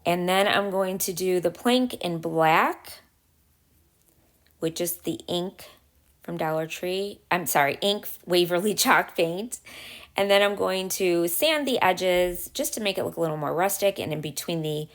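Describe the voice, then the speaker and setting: A woman hosting a craft channel, talking casually through a step-by-step tutorial, chatty and full of little pauses. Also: lowish voice.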